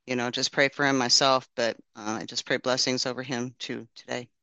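A man's voice: mid-range voice, little pitch movement, fairly quick, bright, forceful tone, smooth, no room sound. A man casually sharing a testimony and praying, telling his story in an earnest, rambling way with many restarts.

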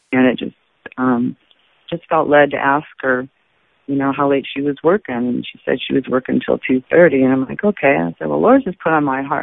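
A man's voice: mid-range voice, vocal fry, no echo. A man earnestly telling a rambling personal faith story, full of fillers and restarts, in casual testimony style. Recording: dry tinny phone-like sound.

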